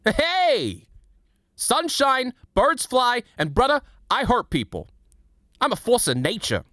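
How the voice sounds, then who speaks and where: A man putting on a brash, profane, fast-talking young male brawler with a cocky delivery. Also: very high voice, sing-song, no echo, studio quality, voice pushed up, heavily acted. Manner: cocky, loud, profane, rapid-fire.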